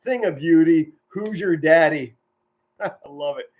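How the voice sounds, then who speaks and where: A middle-aged man giving excited live football play-by-play from home, shouting big plays and chatting warmly with his viewers. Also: fairly high pitch, unhurried, muffled recording. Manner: enthusiastic, yells touchdown calls, chatty and sentimental with viewers. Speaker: amateur play-by-play commentator streaming live.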